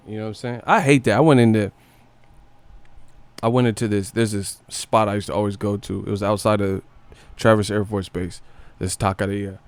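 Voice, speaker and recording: A man's voice: on the low side, fairly quick, no echo. Slangy man ranting. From Northern California. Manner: slangy and profane, mocks with put-on voices and laughter. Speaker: live stream host. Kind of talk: casual live-stream rant.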